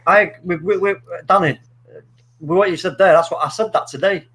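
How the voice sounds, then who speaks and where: A middle-aged man telling a story in casual chat, animated and swearing freely. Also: high voice, moderate pace, a little hiss or hum. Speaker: podcast co-host.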